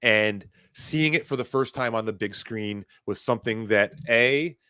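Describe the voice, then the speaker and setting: A man's voice: lowish voice, unhurried, pushed and bright, clear, resonant tone, dry recording, clean studio sound. A man hosting a casual chat, rambling and swearing freely, with lots of fillers and restarts. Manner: rambling, profane, emotional, many fillers. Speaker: host.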